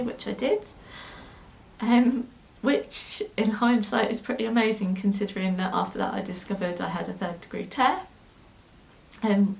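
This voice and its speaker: A woman's voice: medium pitch, creaky, a little mellow, poor audio. A young woman telling a personal story to camera in a sewing vlog, hesitant and full of ums, at times emotional. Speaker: sewing vlogger.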